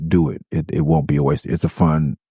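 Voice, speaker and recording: A podcast host from Los Angeles tells casual tour stories, animated and swearing constantly, raising his voice to act out quotes. His voice is very deep and fairly quick, with slight background noise.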